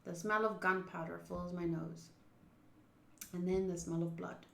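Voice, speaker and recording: A woman's voice: fairly low pitch, steady tone, unhurried, creaky, roomy sound, very noisy. A woman streaming a visual novel, reading its text aloud and chatting about it between bites of food. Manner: chatty, eats while talking.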